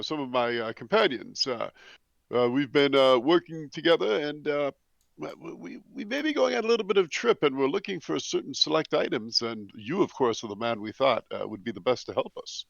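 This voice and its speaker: A man's voice: on the high side, lively intonation, gravelly, fairly bright tone, no echo. Courteous man playing a tabletop game. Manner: formal, courteous phrasing with halting fillers. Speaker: player. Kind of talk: in-character tabletop role-play. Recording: dry, slightly dull lo-fi audio.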